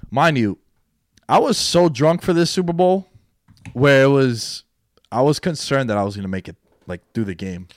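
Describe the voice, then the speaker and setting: A young man in casual sports chat, telling animated stories that jump from loud bursts to low mutters. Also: normal speed, dry recording, studio quality.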